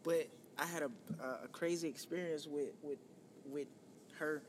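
High-voiced profane storyteller man from New York. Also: normal speed, long reverb tail, slight background noise. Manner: profane, animated storyteller, quoting himself. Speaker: podcast host. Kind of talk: casual storytelling chat.

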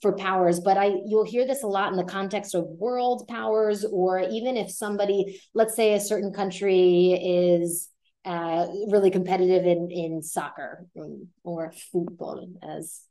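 A woman hosting a casual vocabulary lesson in a chatty way, often slowing down to repeat words and model their pronunciation. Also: mid-range voice, steady tone, dark tone. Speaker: language teacher and podcast host. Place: Puerto Rico.

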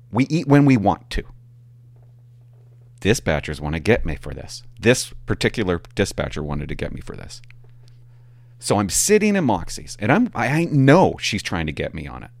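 A man's voice: mid-range voice, dry recording. A middle-aged man, a former police officer, telling stories to camera and acting out the people in them. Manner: animated, acts out quoted people. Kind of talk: storytelling vlog.

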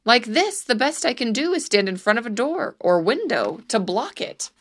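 A woman's voice: fairly high pitch, sing-song, normal speed. A woman voicing a frightened, reluctant middle-aged peasant man made governor, pleading and protesting.

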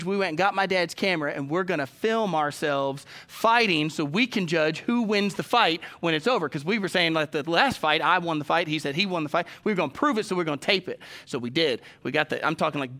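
A man's voice: fairly high pitch, sharp tone. A man preaching a sermon, telling stories and addressing the congregation directly. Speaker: pastor.

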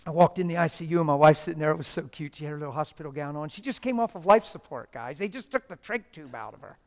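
A middle-aged man, a pastor, preaching a sermon with passionate storytelling that swings from loud exclamations to hushed quiet. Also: on the high side, animated, quick pace.

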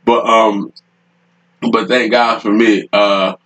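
A man's voice: lowish voice, flat delivery, slow pace, a bit bright, low-quality recording. A man hosting a podcast, telling a rambling, profane story in casual talk, often laughing, recorded in a room at home. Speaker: podcast host.

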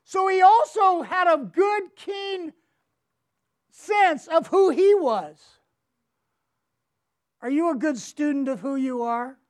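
A high-voiced woman gives a devotional Bible teaching at an unhurried pace. She is emphatic, repeats words for stress and keeps asking rhetorical questions. She reads scripture aloud with feeling. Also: expressive, a little mellow.

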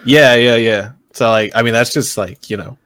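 A man co-hosting a podcast, chatting in a relaxed, offhand way. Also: medium pitch, normal speed, dry recording. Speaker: podcast co-host. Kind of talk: casual podcast chat.

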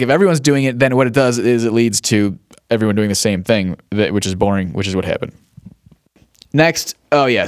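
A man's voice: mid-range voice, no echo, clean studio sound. Rambling, profane man on a podcast. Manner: rambling, profane, stops and restarts sentences; chuckles often between thoughts. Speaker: podcast host. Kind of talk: casual solo monologue.

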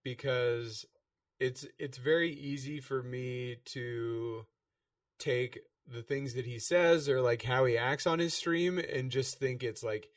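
A man's voice: mid-range voice, slow pace, dry recording, studio quality, far from the mic. A man hosting a casual chat, easygoing and full of fillers, thanking his guest. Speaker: podcast host.

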